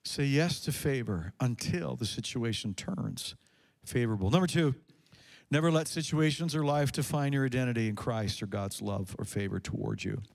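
A man's voice: medium pitch, moderate pace, gravelly. A male pastor preaching a sermon to a congregation in a church, impassioned, often repeating words and restarting sentences. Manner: impassioned, rising to fervent peaks.

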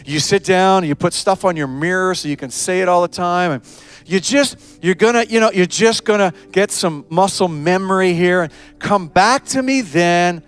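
A man preaching a sermon in an animated way, acting out short scenes with changing voices. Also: sits high, normal speed, clean tone. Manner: animated preaching, acts out voices of parents, children and Jesus. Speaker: pastor.

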